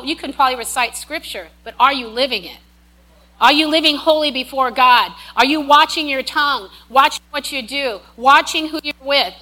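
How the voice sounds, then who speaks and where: A woman preaching a sermon, emphatic and repetitive, with animated asides and restarts. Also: high voice.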